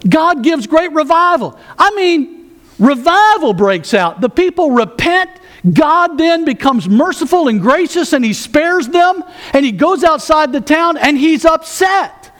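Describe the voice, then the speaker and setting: A man's voice: extremely high pitch, sing-song, measured pace, a bit bright. A man pastor preaching a sermon, folksy with joking asides, reading scripture aloud.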